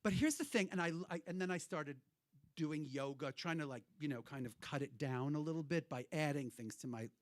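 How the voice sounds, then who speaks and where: In a hotel cabaret room, a male host and performer talks to the crowd with loose, irreverent banter full of swearing. His voice is on the high side and brisk. The recording is studio quality with no echo.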